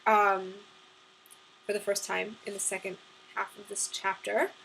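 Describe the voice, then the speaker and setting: A woman's voice: medium pitch, little pitch movement, a little slow, vocal fry, fairly bright tone, a little hiss or hum, rough recording. A woman reading aloud from her own novel, chatting casually with ums before she begins. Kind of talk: audiobook-style chapter reading.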